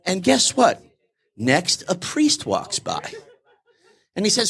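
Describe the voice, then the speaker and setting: A man's voice: high voice, big pitch swings, takes it slowly, a bit bright. A middle-aged man, a business consultant, telling a joke and acting out its voices during a live interview at a networking event. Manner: storyteller, acts out voices in a joke.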